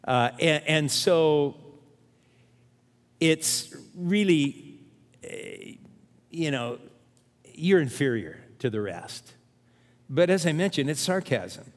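A man's voice: a little high, lively intonation, takes it slowly, pauses often, in a large hall. An older man, a pastor, preaching a sermon in an earnest, conversational way with emphatic rises.

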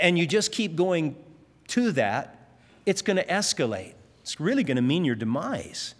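A man preaching in a big hall, his slightly high voice trailing off into a long reverb. He tells stories in a lively way and briefly acts out the voices of the people in them. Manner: storytelling, acts out quoted lines with rising pitch. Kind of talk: sermon.

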